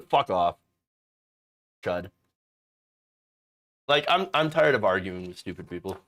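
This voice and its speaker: Male political host, lively swooping pitch, fairly high voice, swearing and exasperated. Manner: profane, exasperated, mocking. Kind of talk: ranting political commentary.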